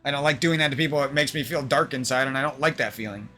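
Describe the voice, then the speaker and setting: Aggrieved young man venting, bright voice. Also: mid-range voice, fast, faint music behind. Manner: aggrieved, rambling, heavy swearing. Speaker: streamer. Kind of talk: venting monologue on stream.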